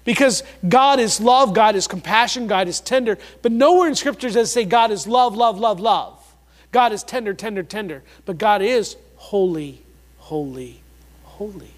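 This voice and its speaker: A pastor delivers a sermon in a notably high voice for a man. He leans hard on key words and repeats them for emphasis, swinging between loud passages and hushed ones. The sound carries a long reverb, as if recorded in a large church hall. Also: normal speed.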